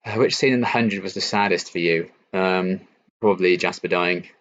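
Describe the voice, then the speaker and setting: A young man from England hosting a casual late-night live-stream Q&A, answering chat in a relaxed, chatty way with lots of ums and likes. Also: deep voice, moderate pace. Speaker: YouTube reaction channel host. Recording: slightly dull lo-fi stream audio.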